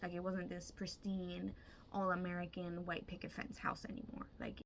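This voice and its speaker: A woman's voice: on the low side, monotone, moderate pace, vocal fry, background noise. A woman casually retelling a vivid dream, chatty and emphatic, swearing freely. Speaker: storyteller.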